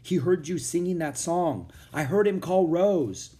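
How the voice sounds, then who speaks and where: A man's voice: on the high side, measured pace, breathy edge, pitched above the performer's own voice. A man reading a storybook aloud and voicing an eager young boy who speaks urgently. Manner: urgent, excited.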